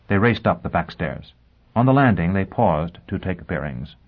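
Low-voiced male audiobook narrator. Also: very animated, moderate pace. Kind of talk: scripted narration. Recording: dull lo-fi audio.

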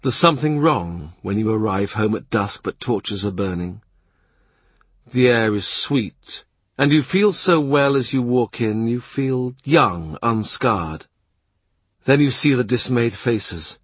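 A man narrating a literary audiobook in a measured, quiet way. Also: medium pitch, animated, breathy edge, no echo. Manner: measured, quiet, present-tense reading.

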